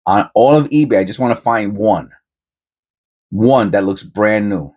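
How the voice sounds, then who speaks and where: Low-voiced man rambling about coins. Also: a little slow, a little mellow. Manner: rambling, self-interrupting, conversational. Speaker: coin-hunting channel host. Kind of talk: casual commentary to camera.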